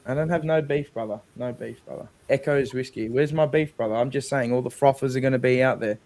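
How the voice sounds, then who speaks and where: A man's voice: medium pitch, brisk, darkish tone. An Australian man hosting a live post-game fan stream, reading chat and bringing in callers with blunt, profane, sarcastic banter. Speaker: fan channel host.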